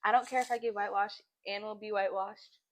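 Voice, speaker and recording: A woman's voice: mid-range voice, steady tone, a little hiss or hum. A teenage girl co-hosting a casual podcast, stretching her words out in a Valley-girl way. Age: teens. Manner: drawn-out Valley-girl way of speaking. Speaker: podcast co-host. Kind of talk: casual chat.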